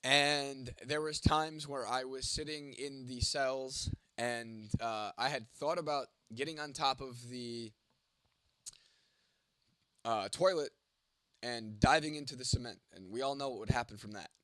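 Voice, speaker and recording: A congested young man with a cold talks straight at his chat, blunt, teasing and swearing nonstop. His voice comes across bright and forceful. It sounds close and dry, with no room around it. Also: medium pitch, unhurried, no room sound. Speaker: livestream host answering chat. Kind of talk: casual profane chat.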